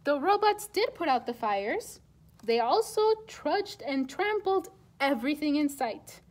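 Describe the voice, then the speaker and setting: A children's librarian reading a picture book aloud at storytime, in an expressive, animated way. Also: female voice, high-pitched, measured pace.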